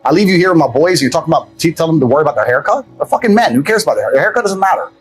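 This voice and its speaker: A man playing a blunt, commanding dad, fast and husky. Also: fairly high pitch, soft background music, low-quality recording. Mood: furious. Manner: swearing, commanding. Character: stern, principled father, furious and blunt.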